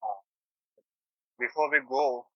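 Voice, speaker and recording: A man's voice: a little high, lively intonation, slow, creaky, dry recording. Polite man on a dull, lo-fi line. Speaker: podcast co-host. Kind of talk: casual chat.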